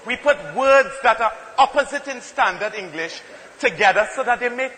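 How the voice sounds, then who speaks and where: A man's voice: extremely high pitch, animated, moderate pace, bright, forceful tone. A man with a Trinidadian accent performing stand-up comedy in an emphatic, playful storytelling manner. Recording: hall reverb, faint ambient noise.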